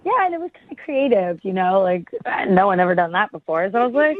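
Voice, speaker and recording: A woman's voice: medium pitch, normal speed, few pauses, dry recording. Giggly woman on a tinny phone line. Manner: giggly, hesitant, animated. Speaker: caller.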